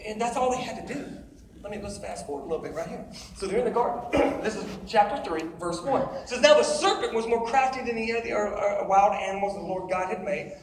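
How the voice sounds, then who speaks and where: A man's voice: high voice, lively intonation, fast talker, distant mic. Man preaching to a crowd in an echoey room. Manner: emphatic, calls out to the crowd with questions. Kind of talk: sermon. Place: large room with an audience.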